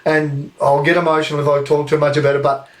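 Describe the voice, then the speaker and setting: Animated, sweary Australian young man. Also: fairly high pitch, quick pace, poor audio. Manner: animated, sweary storytelling with laughs. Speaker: podcast co-host. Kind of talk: casual storytelling, live podcast.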